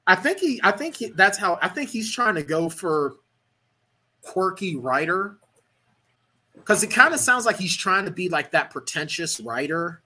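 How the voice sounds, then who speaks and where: A man's voice: sits high, very animated, moderate pace, pushed and bright, breathy edge, poor audio. A man co-hosting a podcast, chatting casually and playfully about a film. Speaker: podcast co-host. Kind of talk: casual chat.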